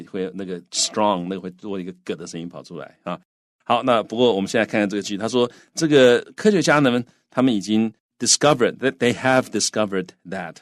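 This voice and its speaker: A man teaching English, explaining and translating phrases slowly, with lots of repetition. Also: fairly low pitch, no room sound, clean studio sound. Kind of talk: bilingual language lesson.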